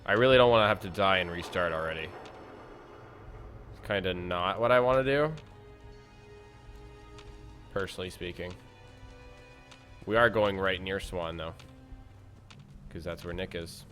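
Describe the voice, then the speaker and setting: Male let's-play commentator, low voice, loose and self-mocking, thinking out loud. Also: measured pace, pauses often, soft background music. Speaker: gameplay commentator.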